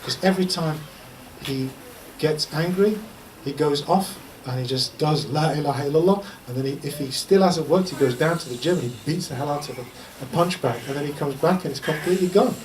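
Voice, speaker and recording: A man's voice: fairly high pitch, fairly quick, darkish tone. Guy giving a casual religious class, storytelling and funny, mic kinda far off. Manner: chatty, humorous storytelling with repeated chanting. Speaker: Islamic teacher. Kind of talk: informal teaching talk. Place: lecture room. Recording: distant mic with faint background noise.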